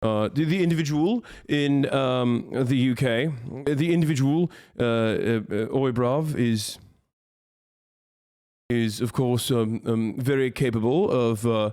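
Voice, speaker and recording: A man's voice: medium pitch, slow, a little mellow, clear, resonant tone, close to an everyday voice. A man doing a mock British accent as a blustering male prime minister, stumbling over fillers and slang. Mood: bumbling.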